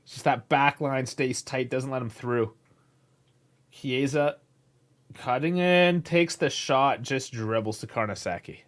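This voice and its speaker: The host, a man from Canada, reacts to a live match in a laid-back, chatty way, often chuckling and swearing casually. His medium-pitched voice moves slowly.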